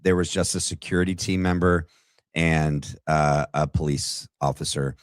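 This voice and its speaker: A man's voice: very deep voice, fairly even intonation, moderate pace, no room sound. A man hosting a livestream, reacting to clips in blunt, mocking casual commentary and calling people names. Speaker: livestream host.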